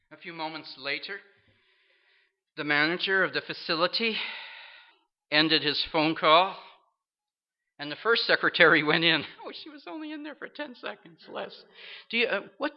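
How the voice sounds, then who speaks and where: Earnest preacher man, dull recording. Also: on the high side. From Toronto area, Canada. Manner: earnest, acts out quoted voices. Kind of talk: storytelling sermon.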